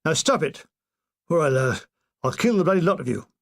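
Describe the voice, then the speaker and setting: A blustering army sergeant, gruff and bossy, barking orders at his men, as a man puts him on. He pushes his voice up high and loud when he loses patience. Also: expressive, fairly quick. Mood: exasperated. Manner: barking, exasperated.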